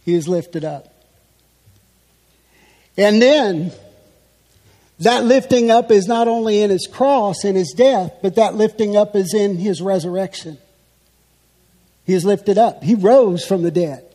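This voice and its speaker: A preacher with a very high, dark-toned voice delivers an expository sermon, lingering over every phrase. His teaching is emphatic and unhurried, and the church sanctuary gives it a long reverb.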